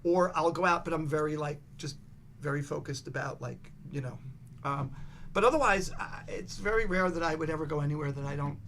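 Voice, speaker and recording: A man's voice: a little high, fairly quick, fairly bright tone, a little hiss or hum. An older man, a podcast guest, telling rambling stories in casual chat, restarting sentences, swearing and acting out the voices of the people he quotes.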